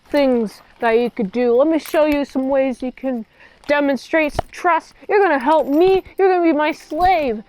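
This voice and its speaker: A woman voicing a menacing male kidnapper who gives orders in a flat, offhand way, as she quotes him while recapping a film. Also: high voice, moderate pace, a little hiss or hum, close to an everyday voice, low-quality recording. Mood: commanding.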